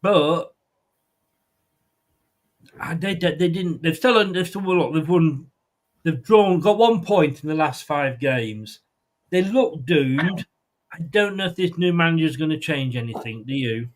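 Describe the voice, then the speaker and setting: Brief: male football show host, casual, rambling, full of ums and restarts, voice a touch high. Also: animated, a little slow. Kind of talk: casual chat.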